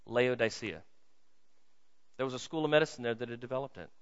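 A male pastor preaching a sermon in a pleading way, dropping to a hush and rising to loud appeals. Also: mid-range voice, animated, a little fast. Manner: pleading, swings from hushed to loud. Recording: muffled sound with long hall reverb.

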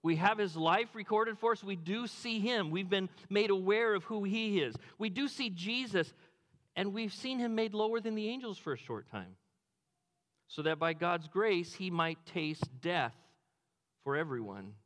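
A man preaching a sermon, animated, acting out quotes with a dropped low voice. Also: unhurried, long reverb tail. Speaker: pastor.

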